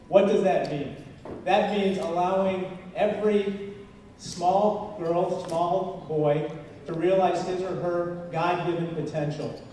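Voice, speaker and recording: A man with a high, mellow voice gives an earnest campaign speech with jokes. He is heard from far off in a large banquet hall. Long reverb and faint noise fill the room. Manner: earnest, with jokes and rising emphasis. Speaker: congressional candidate.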